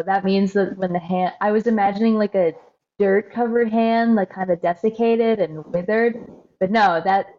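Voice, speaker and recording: A woman co-hosting a true-crime podcast in casual chat, animated and jokey. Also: medium pitch, highs cut off. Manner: animated, jokey, acts out silly voices. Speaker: podcast co-host.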